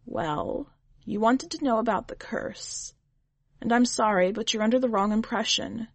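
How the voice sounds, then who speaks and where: A woman voicing a shrewd, wry witch who speaks patiently and gently, like a teacher, in a storybook reading. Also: fairly high pitch, a little slow, gravelly, husky, dry recording, exaggerated voice.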